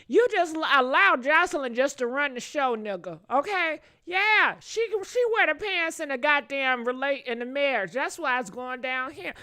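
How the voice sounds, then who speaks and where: High, animated woman hosting gossip. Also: normal speed, hardly any pauses, no echo, studio quality. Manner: animated, exclamatory, talks to chat directly. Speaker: gossip show host. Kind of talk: live gossip commentary.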